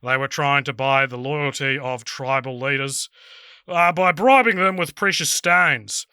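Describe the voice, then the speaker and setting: A man's voice: mid-range voice, a little slow, bright, forceful tone, clean tone, no room sound, studio quality. A man with a New Zealand accent voicing an older male butler, telling a story with mock solemnity as a comic podcast impression.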